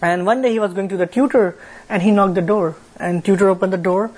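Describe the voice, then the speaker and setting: A young man with an Indian accent, leading a church fellowship, shares a testimony in halting speech, repeating words and filling with "like" and "you know". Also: sits high, steady tone, a little mellow, husky, rough recording. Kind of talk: sharing a testimony with a congregation.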